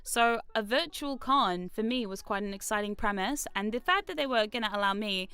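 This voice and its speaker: Bright, clear-voiced New woman streamer. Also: mid-range voice, normal speed, no echo. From New Zealand. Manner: rambling, self-deprecating, swears freely. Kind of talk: casual stream chat. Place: home streaming room.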